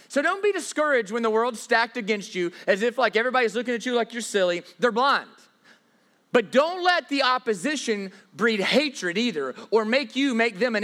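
A man preaching a sermon as pastor, emphatic, swinging from loud bursts to hushed lines and repeating himself on restarts. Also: very high voice.

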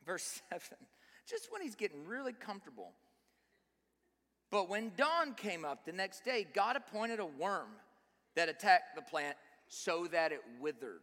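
A man's voice: sits high, sing-song, measured pace, a bit bright. A man preaching a sermon, speaking emphatically and often putting rhetorical questions to his listeners. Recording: long reverb of a large hall.

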